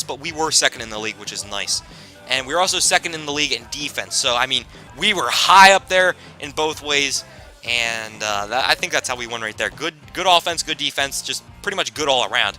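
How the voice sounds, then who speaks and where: A young man giving casual commentary on a hockey video game, excitable and self-deprecating, rambling and restarting his sentences. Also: mid-range voice. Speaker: gaming YouTuber.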